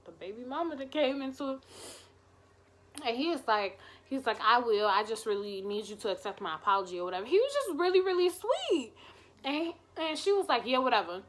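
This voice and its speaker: A woman vlogger telling a personal story in a casual, animated way, acting out the dialogue and swearing freely. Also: sits high, fairly quick, a little hiss or hum.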